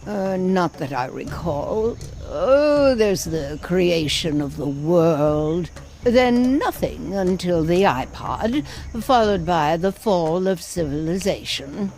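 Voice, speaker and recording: A woman's voice: on the low side, animated, slow, a little mellow, a little hiss or hum. A woman voicing an ancient talking stone head in a video game, grave and prophetic with a matter-of-fact turn. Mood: solemn.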